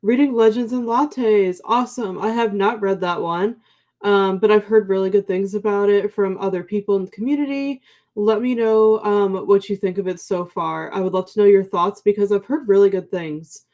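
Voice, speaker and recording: A woman's voice: mid-range voice, steady tone, normal speed, dark tone. A young woman co-hosting a book livestream, chatting casually in a sleepy morning voice and reading out viewer comments with many ums and likes.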